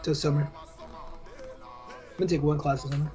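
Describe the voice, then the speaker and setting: A young man with a fairly high voice who rambles through relaxed stories as a podcast co-host. Faint music plays behind him. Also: normal speed. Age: young adult. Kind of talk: casual chat.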